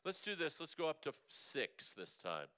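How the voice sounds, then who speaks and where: Bright, clear-voiced male vocal coach. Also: fairly high pitch, very animated, moderate pace. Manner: upbeat, coaxing, demonstrating hums and breaths. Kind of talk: leading a group vocal workshop. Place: church hall.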